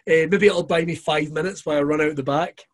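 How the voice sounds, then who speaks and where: A man's voice: a little high, steady tone, fast talker, no room sound. Laughing, sweary man. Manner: laughs a lot while telling stories, swears freely. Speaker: comedian. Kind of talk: casual podcast chat.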